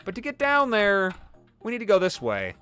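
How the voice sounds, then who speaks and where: A man hosting a video game let's play, giving casual, self-deprecating commentary in an animated, jokey way. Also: sits high, normal speed, smooth, soft background music.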